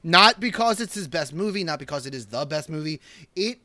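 A man co-hosting a podcast, rambling in animated, casual talk about films. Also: fairly high pitch, a little fast, no room sound. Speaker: podcast co-host. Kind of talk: casual chat.

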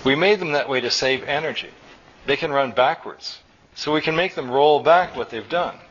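A man reading aloud and voicing a stubborn, agitated middle-aged male engineer who explains things in a rapid, insistent rush. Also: a little high, fairly bright tone, natural voice. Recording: dull recording with faint room noise.

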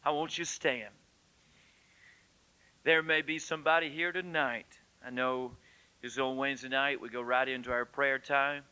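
Pastor giving an altar call, bright voice. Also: male voice, mid-range voice, fairly even intonation, moderate pace, clear, resonant tone, rough recording. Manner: gentle, pleading invitation.

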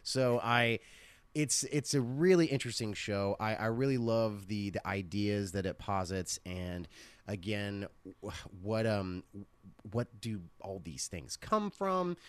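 A man's voice: fairly low pitch, measured pace, smooth, no echo. A man co-hosting a casual TV review chat, rambling and swearing freely as he gives his opinions. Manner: rambling, profane, animated. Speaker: podcast co-host reviewing a TV series.

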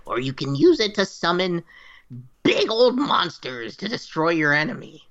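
A man's voice: high-pitched, big pitch swings, normal speed, a bit bright, lo-fi sound, pitched above the performer's own voice. A man voicing a wise old female witch who explains things in a theatrical storybook way. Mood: playful, theatrical.

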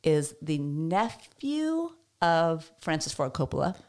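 A woman co-hosting a casual movie podcast, chatty and animated, sharing trivia and opinions. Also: deep voice, slow. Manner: chatty, animated, laughs often. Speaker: podcast co-host.

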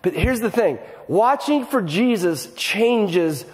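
A middle-aged man gives a conversational sermon with animated energy, often repeating words as he starts his sentences. His voice sits a little high for a man. It carries a long reverb from a large church hall. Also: takes it slowly. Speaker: pastor.

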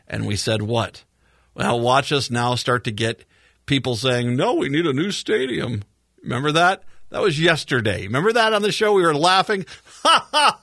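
Sarcastic bright-voiced male radio host. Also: medium pitch, no room sound, clean studio sound. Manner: rambling, repeats words, sarcastic asides. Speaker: radio talk show host. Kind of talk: casual radio talk. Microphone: studio microphone.

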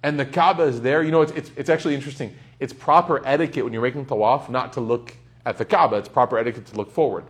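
A young man giving a casual, humorous sermon, telling stories with sudden loud bursts. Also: medium pitch, quick pace, hardly any pauses. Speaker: Islamic speaker.

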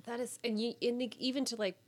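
A woman's voice: on the high side, steady tone, fast talker, darkish tone. Chatty woman podcast host. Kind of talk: casual interview chat.

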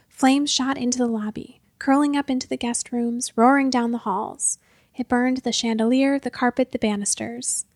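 A woman reads a storybook aloud in an expressive, measured way. Her voice sits fairly high. The recording is close and dry. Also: vocal fry, dry recording. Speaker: narrator. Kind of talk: storybook narration.

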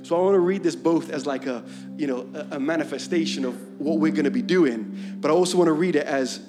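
A man with a fairly high voice preaching a sermon. He reads psalms earnestly and rises into a loud, fervent chant. Music plays clearly behind him. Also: quick pace.

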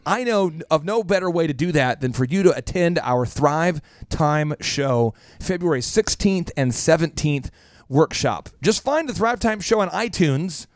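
A man hosting a business talk radio show as a coach, speaking in an animated way and repeating phrases for emphasis. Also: a little high, a little slow, dry recording, studio quality.

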